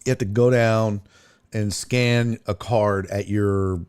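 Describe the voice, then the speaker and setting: A man hosting a stream, telling stories in casual chat with profanity and big, lively swings in his voice. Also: slow pace, clear, resonant tone. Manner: animated, profane storytelling with big pitch jumps. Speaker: streamer host.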